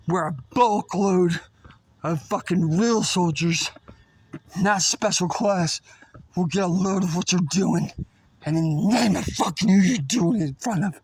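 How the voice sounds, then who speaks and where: A man delivering an aggressive, profane, threatening rant at an unseen person, rambling and swinging between shouting and muttering. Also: high voice, unhurried, slightly rough.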